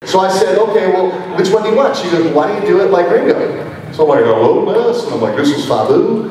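A man telling a loud, boastful anecdote, recorded from a distance with a crowd behind him. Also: sits high, expressive, fast. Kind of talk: animated anecdote. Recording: echoey room from far off, crowd noise.

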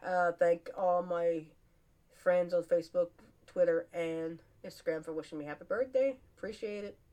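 On her podcast, this woman talks casually on her own, rambling and often laughing. She speaks at normal speed in a lowish, mellow voice.

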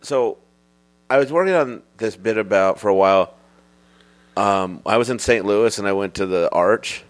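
A man's voice: fairly low pitch, moderate pace. A man co-hosting a comedy podcast, teasing the others and laughing often. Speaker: podcast co-host. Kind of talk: casual comedy podcast banter.

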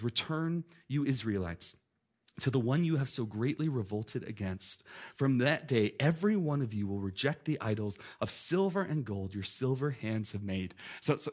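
A man in his thirties preaching a sermon, animated and conversational, with many "like" asides. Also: medium pitch. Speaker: pastor.

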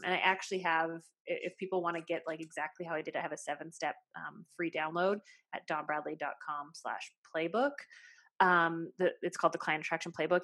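With a low-leaning, fairly bright voice, a woman in her late thirties chats on a casual podcast. She's a hairstylist who owns a salon, and her stories come out chatty and loaded with "like"s.

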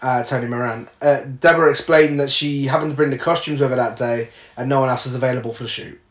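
A man with a fast, mid-range, slightly bright and fairly even voice co-hosts a casual chat in a reverberant space. He reads film trivia aloud, often saying "uh" and laughing.

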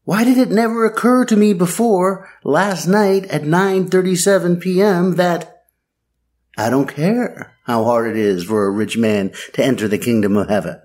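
A man preaching a sermon in a wry, sardonic way, with dramatic pauses. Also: high voice, darkish tone.

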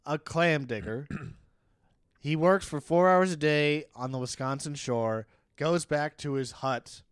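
A man with a fairly high, smooth, clear voice talks loosely about a novel with a friend. He reads excerpts and slips into playful asides, laughing often. The recording is dry and close. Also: measured pace, no room sound. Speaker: podcast co-host discussing a novel. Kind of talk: casual book-club chat.

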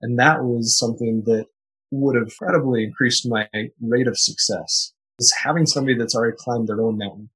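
A man speaks as a podcast guest, answering questions with earnest, motivational emphasis. His voice sits in a middle pitch range and has a slightly husky, breathy grain. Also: fairly quick, fairly bright tone, rough recording. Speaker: guest author and entrepreneur.

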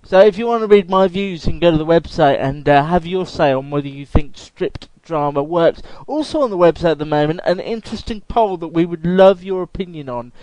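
A man hosting a casual podcast chat, his smooth voice sitting a little high. He speaks in an engaged way and briskly pitches the show's website. The sound is dry and close. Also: expressive, darkish tone, dry recording, rough recording. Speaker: podcast host and writer.

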